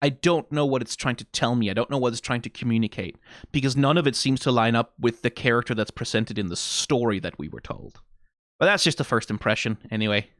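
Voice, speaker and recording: A man's voice: medium pitch, a little fast, a bit bright, no echo, studio quality. A Danish man with a Danish accent giving a casual, rambling reaction commentary in a wry, self-deprecating way. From Denmark. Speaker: video reaction creator.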